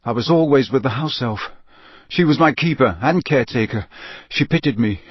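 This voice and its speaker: Man reading as a flat, vacant young dark wizard. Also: medium pitch, moderate pace, breathy edge, no echo, highs cut off. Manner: flat, monotonous, emotionless. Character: young male dark wizard confessing under truth potion, vacant.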